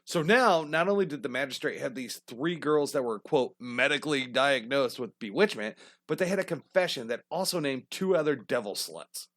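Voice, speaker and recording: A man's voice: medium pitch, animated, normal speed, few pauses, fairly bright tone, no room sound, studio quality. A man co-hosting a podcast, retelling history as crude comedy, swearing often and laughing at his own jokes. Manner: profane, joking, puts on silly voices. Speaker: podcast co-host.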